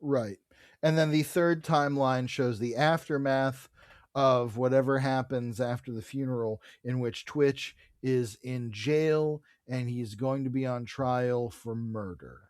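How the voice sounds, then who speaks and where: A man's voice: medium pitch, measured pace, dry recording, studio quality. Casual man retelling a comic plot. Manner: animated retelling with swearing. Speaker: podcast co-host. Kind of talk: casual comic book discussion.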